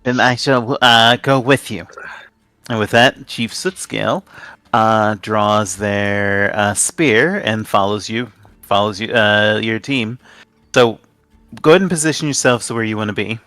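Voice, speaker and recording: A man running a tabletop game as game master, talking haltingly with many fillers. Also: lowish voice, bright, forceful tone, no echo.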